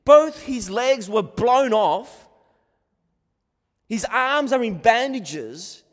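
An Australian man preaches with earnest emphasis, his voice sitting high for a man. He repeats words and restarts phrases as he presses his points. The sound carries a long reverb, as if he speaks in a large hall. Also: expressive, extremely slow. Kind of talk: sermon.

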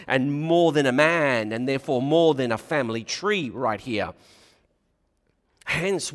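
A man's voice: a little high, a bit bright, long reverb tail. A man preaching a sermon, often restarting his phrases. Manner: hesitant, frequent restarts.

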